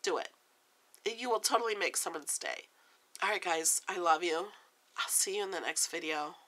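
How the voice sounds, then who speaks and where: A woman's voice: lowish voice, moderate pace, pushed and bright. A woman in her forties chatting earnestly to the camera in a casual vlog and giving friendly advice. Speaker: vlogger.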